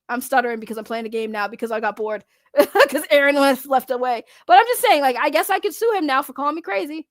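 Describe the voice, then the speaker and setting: High voiced streamer girl ranting sarcastically, dead dry close mic. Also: fast talker, no room sound. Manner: rambling, sarcastic, frequent restarts and laughs. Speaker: commentary streamer. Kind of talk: casual live-stream commentary.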